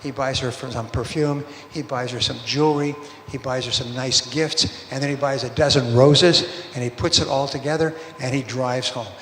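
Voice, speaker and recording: A man's voice: medium pitch, steady tone, normal speed, few pauses, fairly bright tone, slight background noise. A man giving a motivational sales seminar talk, telling stories and acting out bits of dialogue in quoted voices. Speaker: sales speaker. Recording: roomy hall reverb, faint ambience.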